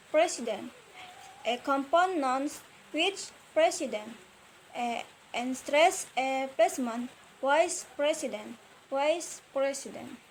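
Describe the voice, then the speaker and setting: A young adult woman, Indonesian by first language, presents a student lesson on word stress, speaking hesitantly with many fillers and carefully repeated words. Her voice is high-pitched, and the audio is poor, with some hiss or hum.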